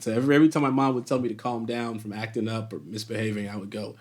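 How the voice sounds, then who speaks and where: Laughing man telling animated stories. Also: lowish voice, racing. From Chicago, USA. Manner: laughs often, animated storyteller with many restarts. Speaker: guest actor. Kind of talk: casual storytelling in an interview.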